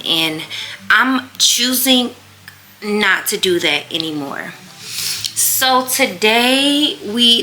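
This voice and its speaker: A woman's voice: on the low side, sharp tone, a little hiss or hum. A woman in her thirties talking earnestly and reflectively in a personal vlog, often repeating herself. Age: 30s. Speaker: vlogger.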